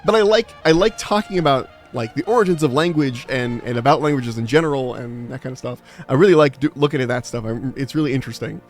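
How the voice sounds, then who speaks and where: A young man streams a game and chats in a loose, rambling way, often swearing and laughing at himself. His voice sits at an ordinary middle pitch. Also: quick pace, hardly any pauses, soft background music. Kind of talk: casual gaming stream chat.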